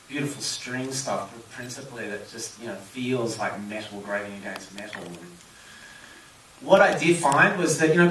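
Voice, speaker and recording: Film director guy thinking out loud, lowish voice, far from the mic in an echoey cinema, faint noise behind. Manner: thoughtful, searching for words. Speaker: film director answering audience questions. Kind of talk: live Q&A answers. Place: cinema auditorium. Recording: roomy hall, distant mic.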